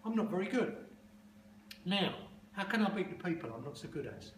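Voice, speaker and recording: A man's voice: sits high, lively intonation, fairly quick. A man speaking bluntly and emphatically to a room of advertising students, swearing freely as he tells stories in an informal talk and Q&A. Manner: blunt, profane, emphatic storytelling. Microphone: phone recording from the audience. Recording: distant, echoey, noisy phone recording.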